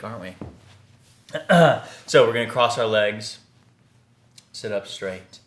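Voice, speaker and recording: A man teaching a theatre class, guiding a breathing and vocal warm-up in a slow, calm, soothing way. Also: on the low side. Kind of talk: guided vocal warm-up instruction. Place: indoor room, recording himself on camera. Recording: echoey room.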